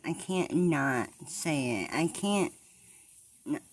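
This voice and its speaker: A woman vlogger talking through her distress in a confessional video, halting and repeating herself, trailing off mid-thought. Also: low voice, animated, no echo. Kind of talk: confessional vlog.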